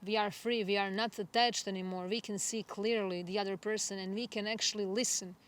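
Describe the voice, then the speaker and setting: A woman astrologer giving a spiritual forecast monologue, gentle and reflective, unhurried and earnest. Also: medium pitch, steady tone. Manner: gentle, reflective, soft laughs.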